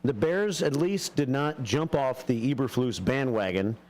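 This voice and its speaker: A middle-aged man hosting a morning radio show, chatting casually with fillers and pauses. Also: mid-range voice. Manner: relaxed, halting with fillers.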